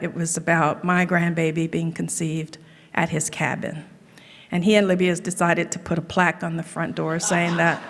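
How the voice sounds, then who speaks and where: A middle-aged woman giving a humorous tribute speech, telling stories with dry running jokes in a large event hall. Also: on the low side. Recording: reverberant hall.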